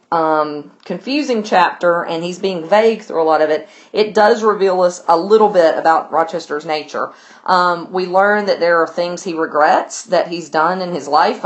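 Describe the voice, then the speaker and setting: A woman with a notably low-pitched voice talks through a literature lesson. She paraphrases the chapter loosely and chattily, leaning on fillers as she goes. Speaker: literature teacher. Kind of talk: recorded lesson summarizing a novel.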